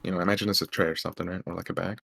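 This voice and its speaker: Low gravelly guy playing a tabletop game, umms a lot, asks right? all the time, dry mic. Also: flat delivery, very fast, a bit bright, no echo. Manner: hesitant, lots of fillers and tag questions. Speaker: player. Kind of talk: tabletop role-play as a player.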